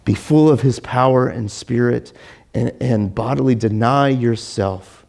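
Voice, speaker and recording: A man's voice: medium pitch, unhurried, gravelly, darkish tone. A man preaching a casual sermon as pastor, chatty and joking, with frequent restarts and fillers. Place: church.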